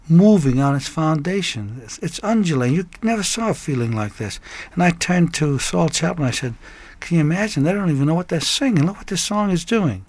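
An older man, a guest songwriter, telling a story in an animated way and breaking into snatches of song. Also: fairly high pitch, fairly quick, dry recording. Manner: lively raconteur who breaks into snatches of song and laughs.

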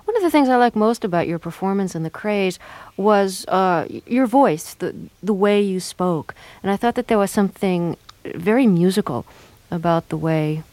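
A woman hosting a radio interview, asking measured, probing questions with small hesitations. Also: medium pitch, lively intonation, a little mellow, no room sound. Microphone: studio microphone.

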